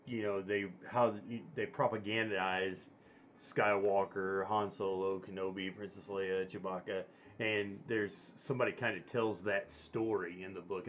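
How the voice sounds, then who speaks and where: A man's voice: sits low, little pitch movement, unhurried, a bit bright, highs cut off, slight background noise. A man hosting a casual chat, talking in a rambling way with many fillers and restarts. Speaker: stream host.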